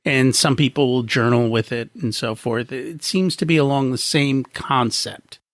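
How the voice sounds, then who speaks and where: A man's voice: mid-range voice, unhurried, no echo, studio quality. A man hosting a podcast interview, asking curious questions and trading jokes with his guest. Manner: curious, joking. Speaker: podcast host.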